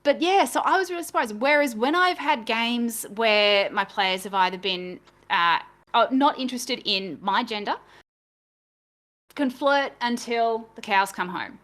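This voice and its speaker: A woman with a fairly high voice talks in a loose, chatty way. She pokes fun at herself and laughs easily as she tells stories from running games. The tone is relaxed and conversational. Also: measured pace. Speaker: game master and podcast co-host. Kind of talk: casual chat.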